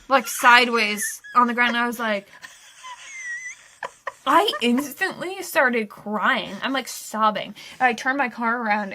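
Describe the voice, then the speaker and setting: A young adult woman co-hosting a podcast, telling a story in casual chat with animated, breathless energy and a lot of laughter. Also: fairly high pitch. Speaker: podcast co-host.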